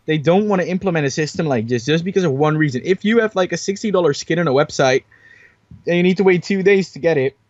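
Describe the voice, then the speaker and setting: A man's voice: fairly high pitch, no room sound. Young man on a dull dry mic. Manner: hesitant, many fillers and restarts, opinionated. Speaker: podcast host. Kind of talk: casual podcast chat.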